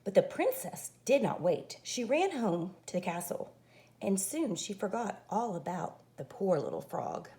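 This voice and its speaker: A woman teacher reading a fairy-tale picture book aloud in an expressive way. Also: mid-range voice, measured pace. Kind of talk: storybook read-aloud.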